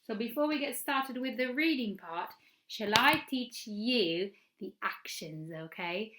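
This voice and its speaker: A woman's voice: a little high, expressive, unhurried, background noise. A woman presenting a children's story time, teaching signs for the story in a playful, encouraging, sing-song way.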